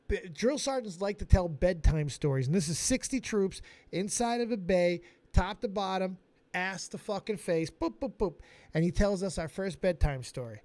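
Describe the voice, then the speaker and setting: A man's voice: sits high, no echo. A man hosting a live stream who tells a comic story with heavy swearing. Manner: animated, swearing a lot.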